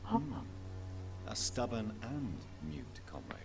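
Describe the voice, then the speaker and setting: An actor playing a polite, composed male doctor in a video game, speaking in a measured, formal manner. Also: lowish voice, huge pitch swings, vocal fry, exaggerated voice. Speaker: player character. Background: game music.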